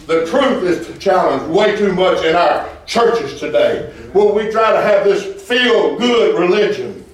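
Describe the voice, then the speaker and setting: A man preaching a fervent sermon as pastor, with call-and-response and bursts of shouting. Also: sits high, expressive, measured pace. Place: church sanctuary. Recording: echoey church hall from far off.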